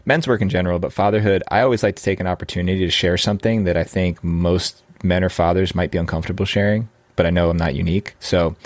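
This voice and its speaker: Man, very low voice, dry close sound, earnest and reflective podcast host. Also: no echo. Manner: earnest, reflective, with frequent restarts. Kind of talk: candid personal storytelling.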